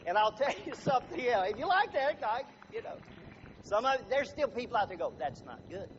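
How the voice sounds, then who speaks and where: Male motivational speaker with a high voice, joking and polling a live room, dull recording with faint hiss. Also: very animated, a little fast, a bit bright. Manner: chatty, quizzes the crowd with show-of-hands questions. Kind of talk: humorous live talk to an audience.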